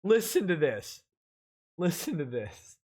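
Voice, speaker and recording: A woman's voice: fairly low pitch, big pitch swings, takes it slowly, mellow, husky. A woman hosting a livestream, giving sarcastic, ranting commentary while reading text aloud with asides. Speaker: host.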